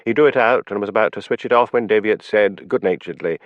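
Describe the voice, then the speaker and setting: A male narrator reading a crime novel aloud in an expressive storytelling manner. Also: lowish voice, quick pace, no room sound. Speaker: audiobook narrator. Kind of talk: audiobook narration. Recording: dull lo-fi audiobook file.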